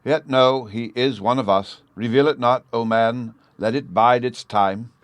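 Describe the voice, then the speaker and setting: A man's voice: medium pitch, fairly even intonation, measured pace, no echo, voice pushed up, close to an everyday voice. A man reading an audiobook, voicing a flustered, timid noblewoman who stammers and pleads. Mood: pleading.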